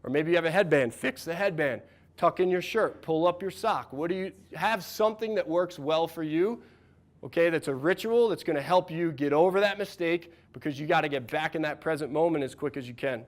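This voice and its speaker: Man in his thirties, coach leading a workshop, upbeat and encouraging, slightly higher voice. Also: brisk. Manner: energetic, encouraging, asks the room questions. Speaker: mental performance coach. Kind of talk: workshop talk to a live audience.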